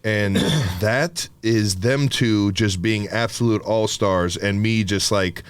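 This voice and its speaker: A man's voice: fairly low pitch, slow, clean tone, no room sound. A young man co-hosting a podcast, talking in a loose, rambling way, swearing and laughing often. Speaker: podcast co-host. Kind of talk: casual chat.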